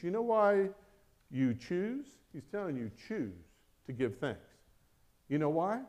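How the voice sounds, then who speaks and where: A middle-aged man preaching a sermon as pastor, swinging between loud, urgent questions and quiet, low asides. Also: big pitch swings, normal speed.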